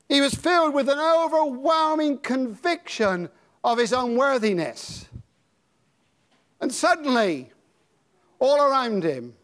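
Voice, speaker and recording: An older British man delivers a sermon in a high, unhurried voice. He drops low and quiet, then builds to dramatic, ringing shouts. His delivery is passionate and theatrical. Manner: dramatic, swings from hushed to shouting. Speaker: preacher.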